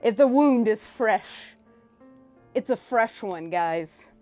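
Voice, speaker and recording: On her livestream, a woman from South Louisiana talks in a slightly high voice with a Louisiana accent, rambling casually, getting worked up, and swearing readily. Soft music plays in the background.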